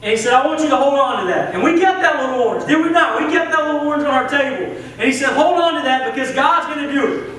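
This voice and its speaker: A man's voice: very high voice, animated, fast talker, a crowd in the background. A young man with a Southern US accent, preaching a sermon as assistant pastor in an earnest, conversational way. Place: church sanctuary. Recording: echoey church from a distance, faint hiss.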